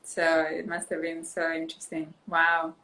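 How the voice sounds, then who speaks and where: A woman's voice: low-pitched, normal speed, poor audio. A woman in her thirties with an Italian accent, chatting casually and laughing during a live stream. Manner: laughing, animated storytelling. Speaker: actress hosting a live stream. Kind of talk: casual chat.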